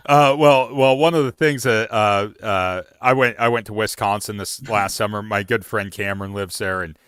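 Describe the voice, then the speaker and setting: A man's voice: lowish voice, moderate pace, fairly bright tone, smooth, no echo. A man hosting a casual outdoors livestream, rambling with lots of fillers and restarts. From Oregon. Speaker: livestream host.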